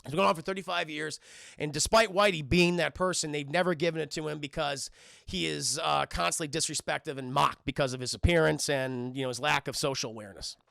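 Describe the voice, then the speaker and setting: A man giving a casual, profane spoiler review of a film to his live chat and retelling scenes excitedly. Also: a little high, fairly quick, gravelly, no room sound, clean studio sound.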